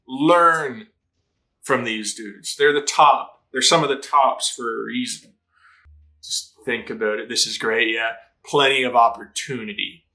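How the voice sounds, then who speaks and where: A man hosting a casual anime reaction, talking in an excitable, slangy way and swearing freely. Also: medium pitch. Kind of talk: casual live reaction commentary.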